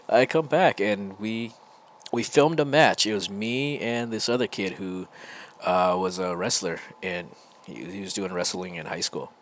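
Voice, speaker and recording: A man's voice: low-pitched, a little slow, fairly bright tone, a little hiss or hum. An American man hosting a podcast, telling a casual, rambling story full of restarts. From United States. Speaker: podcast host.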